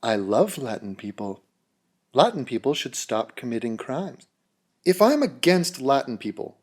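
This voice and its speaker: A man's voice: mid-range voice, big pitch swings, unhurried, a little mellow. A man delivering a mocking, sarcastic vlog rant straight to camera. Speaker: YouTuber.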